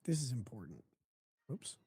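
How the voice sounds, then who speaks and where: A man's voice: medium pitch, very animated, moderate pace, warm tone, breathy edge, dry recording. A man hosting a live stream, chatting casually with a crude, mocking manner and frequent laughter. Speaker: streamer host.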